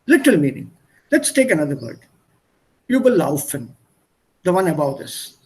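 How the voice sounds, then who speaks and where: A man's voice: on the high side, wildly swooping pitch, fast. A man teaching German in an online one-on-one lesson over a video call, patiently explaining by repeating synonyms. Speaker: German tutor.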